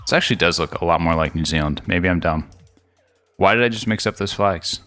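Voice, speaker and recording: Low voice dude rambling and joking while he plays, kinda bright sound. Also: a little fast, soft background music. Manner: rambling, jokey, thinks out loud. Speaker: gaming video host. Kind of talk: casual game commentary.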